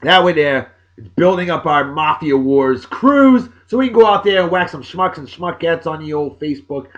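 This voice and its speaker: Animated jokey man. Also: a little high, moderate pace, muffled recording. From Massachusetts, USA. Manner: jokey, animated, swinging between loud bursts and mumbled asides. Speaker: video blog host. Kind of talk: casual birthday shout-outs.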